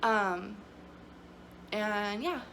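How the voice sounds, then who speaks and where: In her vlog, a young woman recounts her story to camera in an emotional, chatty style, leaning heavily on fillers. She talks extremely slowly in a medium-pitched, sharp voice, and a bit of hiss or hum can be heard.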